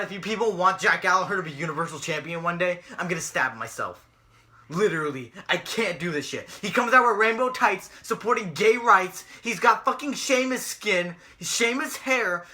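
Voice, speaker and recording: A man's voice: high-pitched, moderate pace, pushed and bright. A young man co-hosting a casual chat show, ranting and mocking with lots of swearing. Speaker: podcast co-host.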